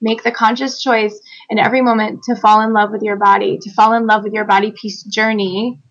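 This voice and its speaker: Animated woman telling a story, dull audio. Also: medium pitch, brisk. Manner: animated, laughs often, acts out quotes. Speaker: guest author. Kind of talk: conversational storytelling interview.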